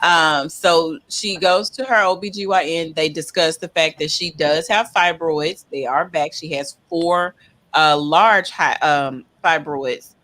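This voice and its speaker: A woman's voice: low voice, a little slow, a bit bright. A middle-aged woman rambling and hesitating as she chats casually in a group recap. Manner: rambling, hesitant, laughs often.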